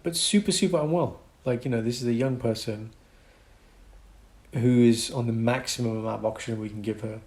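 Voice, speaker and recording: Animated British man in an echoey room. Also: medium pitch, brisk. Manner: animated, laughs often, acts out quotes. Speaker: podcast co-host, doctor. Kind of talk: casual chat.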